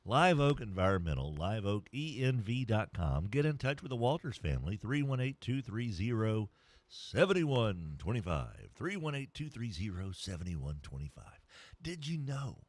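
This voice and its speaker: A man's voice: on the low side, big pitch swings, normal speed, no echo. A man hosting a morning sports radio show, joking his way through live ad reads. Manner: playful, jokey, mock-whispers and funny voices during ad reads.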